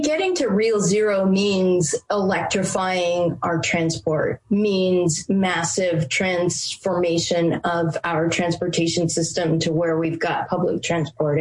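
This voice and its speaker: Woman guest in an interview, lowish voice, talks with emphasis and restarts a lot. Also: a little mellow, rough recording. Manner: emphatic, repeats words while thinking. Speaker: guest, report author. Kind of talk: interview answers.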